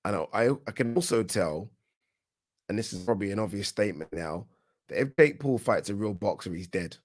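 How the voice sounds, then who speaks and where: A man with a British accent giving casual live commentary on a boxing match for his channel, chatty and quick to react, often restarting his words. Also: fairly low pitch. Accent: British English. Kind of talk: live watch-along fight commentary.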